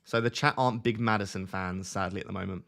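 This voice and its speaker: A man's voice: sits low, fast, gravelly, fairly bright tone. A young man chatting casually on a live stream, joking and laughing at himself as he talks to his viewers. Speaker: fantasy football streamer.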